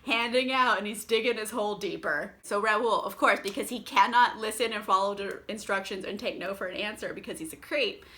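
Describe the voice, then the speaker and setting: A woman's voice: medium pitch, brisk, few pauses, sharp tone. A tipsy young woman recapping a book in a profane, rambling way and laughing often. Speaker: book vlogger.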